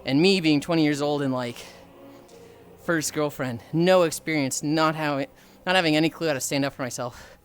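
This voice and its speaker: Chatting casually with his viewers, a man in his late twenties swears his way through stories at a moderate pace, his voice a little high. He's animated, performing the quoted voices himself, while faint music plays behind him.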